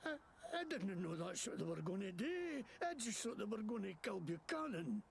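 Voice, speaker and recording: A blustering fake-Scottish wasteland crook. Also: male voice, high voice, normal speed, creaky, slight background noise, full character voice. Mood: rambling. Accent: put-on Scottish. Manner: rambling, indignant, excitable. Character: shifty male wasteland mechanic faking a Scottish brogue.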